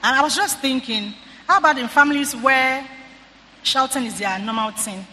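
Bright-voiced co-host asking questions. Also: sits high, moderate pace. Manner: animated, questioning. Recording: hall reverb, faint noise.

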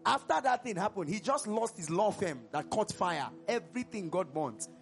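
Gravelly high-voiced male preacher. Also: moderate pace. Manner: animated, asks the congregation questions and answers them; breaks into song mid-sermon. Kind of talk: sermon.

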